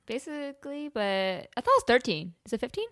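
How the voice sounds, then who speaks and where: A woman's voice: on the high side, sing-song, fairly quick, fairly bright tone, no echo, clean studio sound. A young woman chatting casually with friends, giggling often and asking lots of questions. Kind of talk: casual chat among friends.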